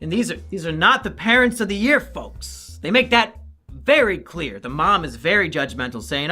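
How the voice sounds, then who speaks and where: Profane, sarcastic male reviewer, bright voice. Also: sits high, lively intonation, normal speed, husky, soft background music. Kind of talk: comedic review commentary.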